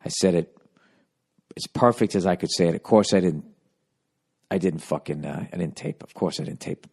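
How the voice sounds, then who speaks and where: A man's voice: sits low, moderate pace, a little mellow, husky. A man hosting his podcast, rambling through a profane, self-mocking monologue in casual chat. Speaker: podcast host.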